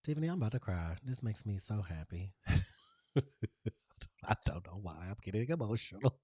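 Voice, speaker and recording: A man's voice: on the low side, animated, normal speed, dark tone, slightly rough, no echo, studio quality. A man hosting a casual design tutorial, chatting to viewers in a gushing, playful way. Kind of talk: casual screen-share tutorial.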